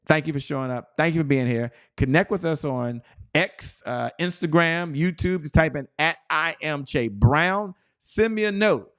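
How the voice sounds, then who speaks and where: An excited male host with a fairly high, lively voice that swings up and down as he pumps up his audience. He repeats himself for emphasis and slows to a deliberate chant for the lines listeners should say back. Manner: chants belief statement slowly for the audience to repeat. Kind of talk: motivational sales talk.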